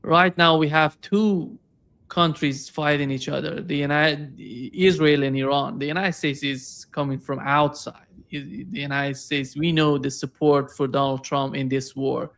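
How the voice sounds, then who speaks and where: A man hosting an interview, asking questions in a halting way, restarting mid-sentence. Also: medium pitch, vocal fry. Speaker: host.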